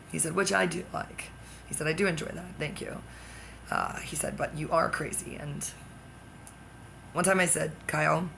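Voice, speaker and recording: Gravelly, tense woman ranting. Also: low voice, fairly even intonation, fairly quick, fairly bright tone, a little hiss or hum. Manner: agitated, swearing, jumps between topics. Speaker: vlogger. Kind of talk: rambling personal rant to the camera.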